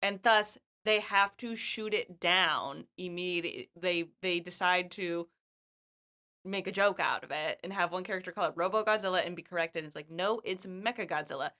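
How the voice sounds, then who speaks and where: A woman co-hosting a podcast, talking in an animated, chatty way and explaining at length. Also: fairly low pitch, moderate pace. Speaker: podcast co-host. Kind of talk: casual chat.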